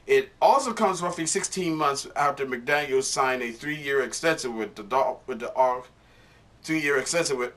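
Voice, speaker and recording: A man giving casual, halting commentary with sarcastic asides and reading an article aloud. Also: medium pitch, fairly bright tone. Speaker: vlogger.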